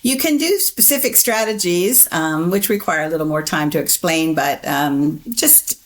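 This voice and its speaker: Middle-aged woman guest, lowish voice, calm explainer of memory tips, easy laugh. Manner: measured, explanatory, laughs easily. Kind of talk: interview answers.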